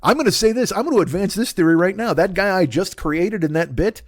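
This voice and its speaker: A man's voice: high-pitched, expressive, a little fast, no echo, studio quality. Profane rambling middle-aged male comic. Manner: rambling, profane, acts out characters in put-on voices. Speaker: comedy podcast host. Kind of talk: solo comedic monologue.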